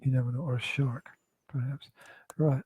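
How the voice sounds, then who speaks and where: A man hosting a casual podcast from his flat, joking, teasing and laughing often. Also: medium pitch, normal speed, a little hiss or hum, low-quality recording. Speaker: podcast host. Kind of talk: casual chat. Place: home flat.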